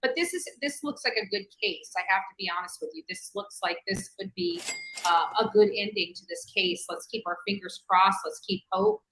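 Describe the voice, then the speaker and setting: A woman hosting a true-crime video, rambling with halting fillers and restarts. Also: mid-range voice, sing-song, a bit bright, reverberant, slight background noise, poor audio. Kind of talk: rambling livestream commentary.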